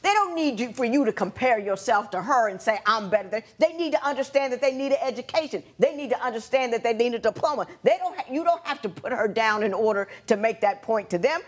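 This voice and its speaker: A woman's voice: high voice, expressive, brisk, few pauses. A woman presiding as a TV court judge, lecturing in a stern, emphatic manner. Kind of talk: courtroom TV show judging.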